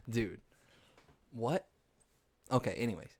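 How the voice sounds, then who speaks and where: A man's voice: on the low side, normal speed, darkish tone. A young man hosting a podcast, rambling through casual, profane stories and laughing at his own jokes. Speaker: podcast host. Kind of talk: casual storytelling monologue.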